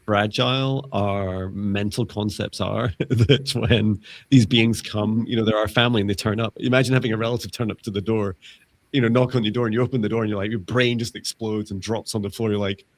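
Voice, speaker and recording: A man's voice: fairly low pitch, fairly even intonation, fairly quick, dry recording. A man co-hosting a live spiritual stream, talking casually in a rambling way with lots of fillers and restarts, over a video call. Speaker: psychic mentor and co-host.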